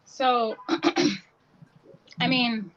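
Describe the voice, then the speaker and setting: A woman on a live-stream panel, teasing and playful in an animated way. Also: on the high side, extremely slow. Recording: dull lo-fi audio.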